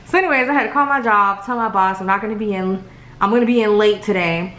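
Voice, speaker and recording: A young woman tells viewers a story in a rambling, excitable voice. She keeps calling them "y'all" and talks in quick bursts, like she is chatting with a friend. Her pitch sits in an ordinary middle range. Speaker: family vlogger. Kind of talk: animated storytelling to camera.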